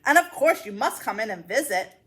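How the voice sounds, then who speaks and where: A woman voicing an old grandmother witch in a storybook read-aloud, shrill and fussing. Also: big pitch swings, a little fast, fairly bright tone. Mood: pleased.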